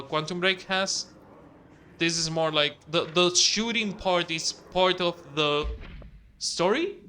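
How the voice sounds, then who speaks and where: A man commenting on his gameplay in a casual, rambling flow, swearing freely and restarting his sentences. His voice is high and bright, with a little faint noise under it. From outside the US. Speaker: let's play host.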